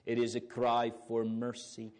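A man's voice: medium pitch, completely flat delivery, unhurried, a little mellow. A man preaching a sermon, earnest and fervent, with old biblical phrasing and rising exclamations.

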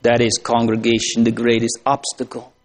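A man preaching a sermon to a congregation, slow and solemn, building to emphatic pleading phrases. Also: medium pitch, monotone.

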